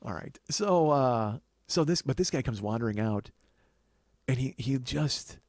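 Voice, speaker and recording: A man's voice: medium pitch, expressive, a little mellow, no room sound, studio quality. A man hosting a podcast, telling profane, rambling comic stories and acting out the quotes. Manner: profane, rambling, quick anecdotes with acted-out quotes. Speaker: podcast host. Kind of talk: casual comedic storytelling.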